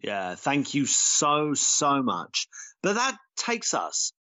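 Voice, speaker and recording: Lively mid-voiced male podcast co-host. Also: medium pitch, slow pace. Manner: relaxed, reads listener comments aloud with lively intonation. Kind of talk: casual podcast chat.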